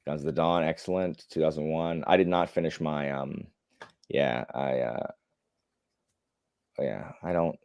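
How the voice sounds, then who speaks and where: A man with a very low voice hosts a casual live stream from home, reading viewer comments aloud as he goes. His talk rambles, full of fillers and restarts, with blunt opinions dropped in. The sound is close and dry, with no room around it. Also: steady tone, unhurried, long pauses, darkish tone, clean tone, no echo. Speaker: livestream host.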